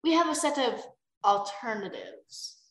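A jittery male dragon stammers and hurries through his words, always eager to please, as a woman reading a storybook puts him on. The voice is pitched high for a male, and the room adds an echo. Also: animated, a little slow. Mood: nervous. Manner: hesitant and flustered.

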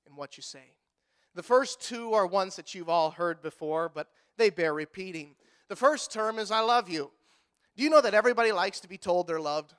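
A man pastor preaching a sermon in a church, animated and joking with the congregation, acting out quotes in other voices. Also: high voice, clear, resonant tone.

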